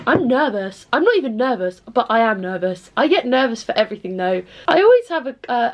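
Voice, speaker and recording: Chatty, swearing young English woman vlogger. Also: fairly high pitch. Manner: chatty, swears often, self-mocking; bursts into snatches of song. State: tired, low-voiced at night. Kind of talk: casual vlog chat.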